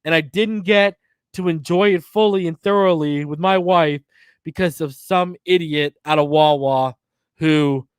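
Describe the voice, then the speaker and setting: A man in his thirties telling a long personal story on a podcast, animated and slangy with plenty of swearing. His voice sits a bit high for a man. The recording is dry and close, with no room sound. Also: a little slow, clean tone, dry recording. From northern US. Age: 30s. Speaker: podcast host. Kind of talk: casual storytelling.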